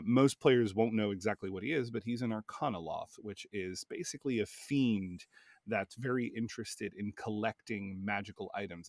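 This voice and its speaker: Low-voiced man telling game stories. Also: no room sound, clean studio sound. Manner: relaxed, rambling storytelling. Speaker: game master. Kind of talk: casual podcast chat.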